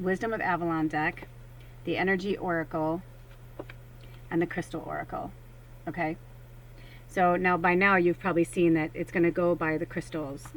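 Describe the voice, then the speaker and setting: A woman's voice: lowish voice, slight background noise, low-quality recording. A woman working as a psychic medium, talking casually and animatedly to viewers during a card reading. She swears freely and acts out her own thoughts in quoted asides.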